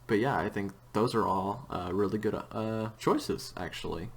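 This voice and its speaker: Male host, low-ish voice, loose chatty interviewer who drifts off topic. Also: normal speed, creaky, noisy background. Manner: rambling, with frequent restarts and tangents. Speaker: host and audio drama creator. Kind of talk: casual interview chat.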